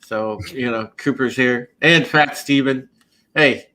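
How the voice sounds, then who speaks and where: A man's voice: mid-range voice, slow pace, sharp tone. A man hosting a podcast and running a casual live-stream panel intro, loose and chatty with many fillers and restarts. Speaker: podcast host.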